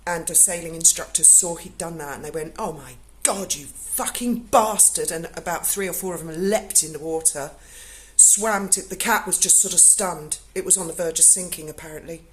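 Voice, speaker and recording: A woman tells a personal story in a casual, unscripted way. Her voice sits low, and her delivery is blunt and emotional, with free swearing. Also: fairly even intonation, fairly quick, a bit bright. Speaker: vlogger telling a personal story.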